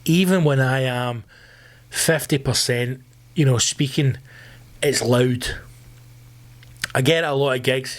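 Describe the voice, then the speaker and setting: Loud sweary Scottish man ranting. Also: mid-range voice, takes it slowly, long pauses. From Scotland. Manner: loud, sweary ranting, bursts into screamed outbursts. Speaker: podcast host. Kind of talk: solo comedy podcast rant.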